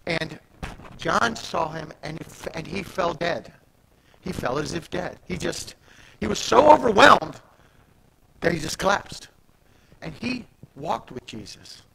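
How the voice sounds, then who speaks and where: A man's voice: fairly high pitch, lively intonation, slow, creaky, pauses often, pushed and bright, breathy edge, low-quality recording. A man preaching a sermon at a church service, talking in an emphatic, conversational way with restarts and asides. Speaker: pastor.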